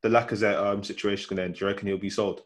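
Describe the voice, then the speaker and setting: A man hosting a casual football chat, relaxed, asking questions and laughing often. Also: fairly low pitch, rapid-fire.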